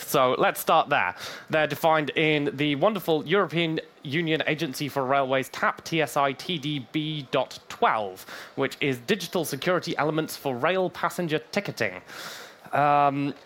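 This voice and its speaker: A hoarse man from Wales, giving a technical conference talk with dry humorous asides. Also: fairly high pitch, moderate pace, fairly bright tone, slight background noise. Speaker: conference speaker.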